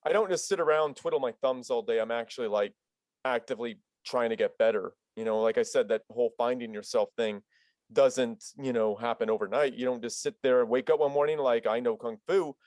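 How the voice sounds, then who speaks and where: A man's voice: medium pitch, fairly quick, a little mellow, no room sound. A man chatting casually as a podcast guest, a loose, playful storyteller who likes to joke, speaking into a studio mic at home. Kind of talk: casual chat. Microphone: studio dynamic mic at home.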